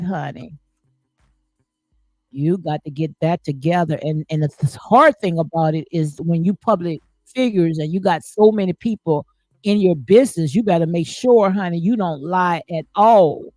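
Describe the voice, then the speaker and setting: A woman's voice: fairly low pitch, warm tone, no room sound. A woman hosting a live stream, reading viewer comments and answering in an emphatic, preachy way, full of folksy sayings and "honey.".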